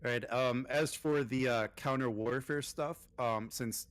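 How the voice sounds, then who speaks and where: A man at a medium pitch runs a tabletop game as game master. He talks in a loose, unhurried way, full of ums and little pauses. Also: no echo. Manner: relaxed, lots of ums and filler. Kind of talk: running a tabletop game over voice chat.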